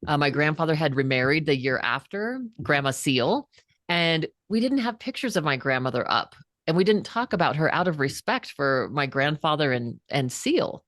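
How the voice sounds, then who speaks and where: A woman in her fifties with a voice that sits low speaks at a moderate pace, recorded in clean studio sound without echo. A psychotherapist and author, she appears as a guest in a casual interview, animatedly telling earnest personal stories.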